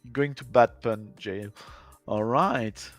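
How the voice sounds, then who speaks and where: A man's voice: medium pitch, takes it slowly, soft background music. A man acting as game master, prompting players with questions and calling for dice rolls. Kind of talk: running a tabletop game.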